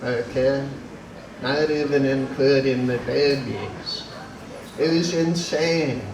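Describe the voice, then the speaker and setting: A man tells a meandering stand-up set, taking his time and losing his thread. He stops and restarts a lot. The recording is distant and echoey, with room noise behind him. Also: medium pitch. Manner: rambling, halting, many fillers. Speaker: open mic comedian. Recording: echoey room, distant camera mic, noisy.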